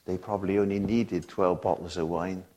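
A man's voice: low-pitched, steady tone, moderate pace, mellow. A man preaching a sermon, emphatic and full of rhetorical questions to the congregation, reading scripture aloud as he goes. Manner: reads and quotes scripture aloud.

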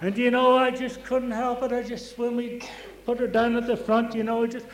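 A woman's voice: on the high side, flat delivery, moderate pace, reverberant, rough recording. An older woman giving a rambling, fervent religious testimony, repeating phrases and breaking into praise.

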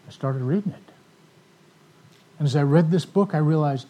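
A man telling stories in a sermon to a live audience, animated, acting out the voices of the people in his stories. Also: on the high side, normal speed, breathy edge. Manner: animated storyteller, acts out quoted voices. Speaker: ministry speaker. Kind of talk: storytelling sermon talk.

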